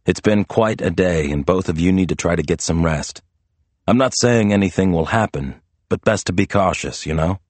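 A calm, protective detective, as a man reads him in a story, with a deep voice. He speaks steadily and reassuringly. The sound is dry and close. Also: normal speed, no echo.

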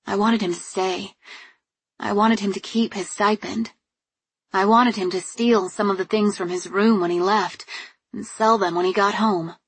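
A woman reading first-person audiobook narration in a calm, measured way. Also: mid-range voice, breathy edge, no echo.

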